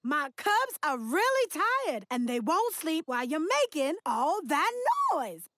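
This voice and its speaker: A woman voicing a motherly female beaver in a cartoon, speaking slowly and patiently with a British accent. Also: high-pitched, big pitch swings, a bit bright, no echo, heavily acted. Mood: calm, patient. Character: motherly female beaver, tired cubs' mum.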